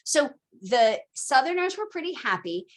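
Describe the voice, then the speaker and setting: Lady lecturing casually, lots of likes and you knows, super lively pitch. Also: moderate pace. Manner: chatty, animated, lots of fillers and asides. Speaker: teacher.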